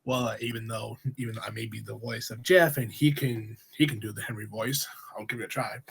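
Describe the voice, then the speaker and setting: A man's voice: lowish voice, fairly even intonation, brisk, gravelly, few pauses, breathy edge. A young man guest on a casual podcast, laughing easily and repeating himself when he jokes. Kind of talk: casual chat.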